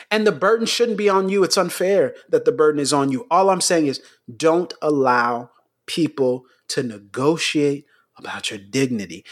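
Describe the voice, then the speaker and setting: Heated and insistent, a man co-hosting a talk show pounds his points in through repetition, his somewhat high voice surging into near-shouts. He's a podcast co-host.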